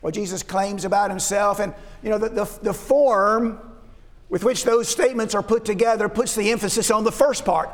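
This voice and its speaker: A man's voice: high voice, moderate pace. A man preaching a sermon, often restarting and repeating words and asking rhetorical questions. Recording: long reverb of a large hall.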